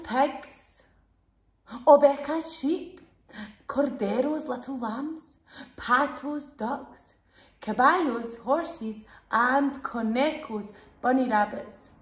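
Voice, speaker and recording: A woman's voice: sits high, roomy sound. A woman telling a bilingual storybook lesson to young children, sing-song and exaggerated, prompting them to repeat words. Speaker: children's Spanish teacher and storyteller.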